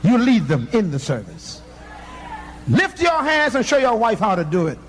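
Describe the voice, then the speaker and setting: A man's voice: high voice, wildly swooping pitch, normal speed, slight background noise. A man preaching a fiery sermon, emphatic and firing off rhetorical questions at the congregation. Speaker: pastor.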